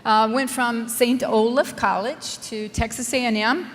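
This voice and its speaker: A woman's voice: on the high side, steady tone, a little slow, big-room sound. A woman from Minnesota with a Scandinavian-tinged Minnesota accent, giving an emphatic, wry conference lecture full of rhetorical questions. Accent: Minnesota with a Scandinavian lilt. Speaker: soil scientist giving a lecture.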